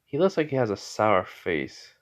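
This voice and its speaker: A man's voice: lowish voice, big pitch swings, moderate pace. A sleepy man improvising fan-fiction narration late at night, rambling with lots of fillers. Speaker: storyteller. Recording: slightly muffled lo-fi audio.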